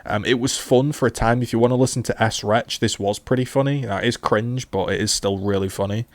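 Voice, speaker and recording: A man's voice: medium pitch, fairly even intonation, fairly quick. A man, a gaming YouTuber casually rambling through a retrospective with many fillers and restarts.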